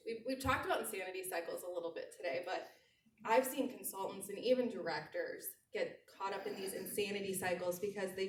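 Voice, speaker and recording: A woman in her thirties delivers a lively motivational training talk to a room of listeners. She leans on repetition and slows down for the lines she wants written down. Her handheld mic sits away from her mouth, so the voice sounds distant and roomy, with a faint hiss underneath. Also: mid-range voice. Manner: animated, repeats key phrases slowly. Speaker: sales trainer. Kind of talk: motivational talk to a live audience. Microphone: handheld mic held away from mouth.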